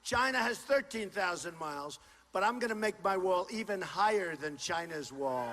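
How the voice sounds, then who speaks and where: At a large indoor university venue, a male political candidate with a bright, high voice addresses a rally over a stage mic at a moderate pace with lively intonation. He boasts and repeats himself in short, punchy bursts, frequently shouting to the audience. The big hall lends a long reverb, with crowd noise faintly underneath.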